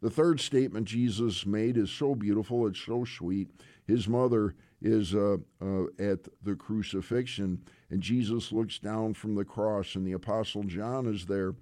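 A man preaching a sermon. He speaks earnestly and unhurriedly and often pauses on "uh". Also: on the low side, warm tone, no room sound, studio quality. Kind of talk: sermon retelling scripture.

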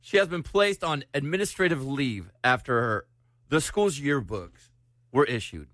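A man's voice: medium pitch, lively intonation, unhurried, fairly bright tone, dry recording, clean studio sound. A man hosting a casual radio show, telling news stories in a chatty way. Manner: chatty, storytelling news items. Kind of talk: casual morning radio chat.

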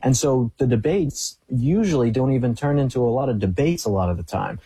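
A man's voice: mid-range voice, expressive, a little fast, warm tone, slightly rough, low-quality recording. A young man talking as a guest in a casual interview, telling stories and quoting others with animation.

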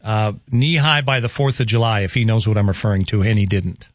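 Folksy radio host. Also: male voice, lowish voice, steady tone, brisk, dry recording. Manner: folksy, rambling, chuckling asides. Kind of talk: casual radio chat and weather read. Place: radio studio. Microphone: studio microphone.

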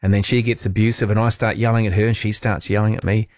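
A man's voice: on the low side, little pitch movement, fast talker, a little mellow, no room sound. A man hosting overnight talk radio from a studio, chatty and rambling as he reads out listener messages. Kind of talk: casual late-night radio chat. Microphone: studio microphone.

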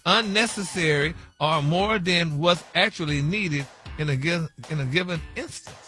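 A man's voice: on the high side, normal speed, bright, forceful tone, soft background music. A man doing a playful comedy bit on morning radio, stumbling as he spells out a word. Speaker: radio show regular.

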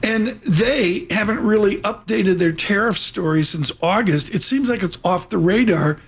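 A man's voice: high-pitched, moderate pace. A man hosting a live broadcast, chatty and rambling. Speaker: show host.

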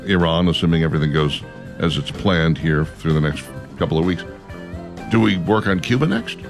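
A man's voice: a bass voice, expressive, moderate pace, creaky, music in the background. A man co-hosting a casual political chat, joking and rambling with mock-pleading asides. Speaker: co-host.

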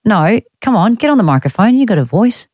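A woman's voice: mid-range voice, big pitch swings, a little fast, darkish tone, no echo. An Australian woman hosting talkback radio, chatting in a wry, teasing way and reading out listener texts. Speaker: radio host. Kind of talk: casual talkback radio chat. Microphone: studio microphone.

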